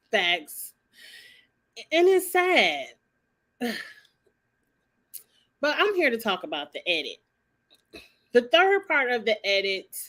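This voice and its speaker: A woman's voice: fairly high pitch, fairly bright tone. Sassy, blunt woman ranting. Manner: blunt, sassy, swears freely. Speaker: vlogger commenting on a reality show. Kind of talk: casual opinionated commentary.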